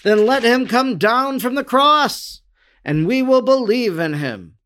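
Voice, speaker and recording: A man's voice: very high voice, expressive, takes it slowly, fairly bright tone, pitched above the performer's own voice, full character voice. A man voicing a group of scornful Pharisees who jeer and sneer in a dramatic reading. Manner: jeering, raised and sneering. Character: scornful male Pharisees mocking in chorus.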